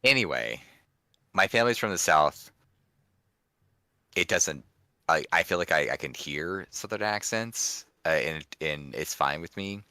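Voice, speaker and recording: A man's voice: rumbling low, expressive, a little slow, pauses often, sharp tone, dry recording, studio quality. A man co-hosting a casual wrestling podcast, rambling and restarting his sentences as he talks. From DC area, USA. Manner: rambling, self-correcting. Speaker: podcast co-host.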